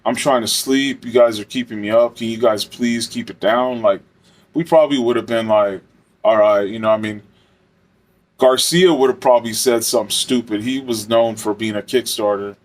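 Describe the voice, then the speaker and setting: A man's voice: medium pitch, normal speed. A man and former correctional officer telling a casual story, rambling and swearing with lots of fillers. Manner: rambling, profane, many fillers.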